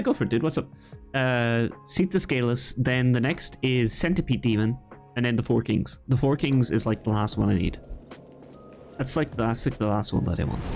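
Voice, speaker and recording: A man's voice: medium pitch, darkish tone. A young man with a light Irish accent, chatting casually as he streams a game and rambles in reply to his viewers. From Ireland. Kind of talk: casual gaming commentary.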